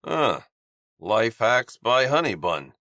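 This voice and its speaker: A man's voice: mid-range voice, big pitch swings, slow pace, sharp tone, dry recording, studio quality, pitched above the performer's own voice, exaggerated voice. Man voicing Roman, a wry hockey player. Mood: dry. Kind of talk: audiobook character voice.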